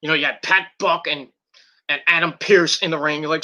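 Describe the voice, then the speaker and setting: A man with a very bright, sharp-edged voice sitting slightly high for a man talks through a wrestling match. He rambles casually, stumbling over restarts and fillers and swearing freely. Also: a little fast. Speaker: wrestling reviewer. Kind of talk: casual recap and commentary.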